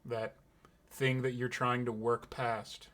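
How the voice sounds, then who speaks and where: Man, game master, tabletop game narration, slow and hushed, bright voice. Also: mid-range voice, flat delivery.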